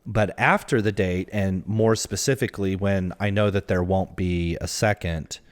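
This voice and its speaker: A man's voice: low voice, fairly even intonation, normal speed. A man from the American Midwest co-hosting a podcast, chatting candidly and a little self-deprecatingly about his dating life. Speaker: podcast co-host. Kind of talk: casual chat.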